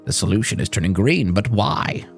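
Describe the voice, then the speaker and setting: Excitable, foul-mouthed male streamer. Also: lowish voice, normal speed, gravelly, soft background music. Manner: excitable and profane, reading cards aloud. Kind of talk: live-stream card pack opening.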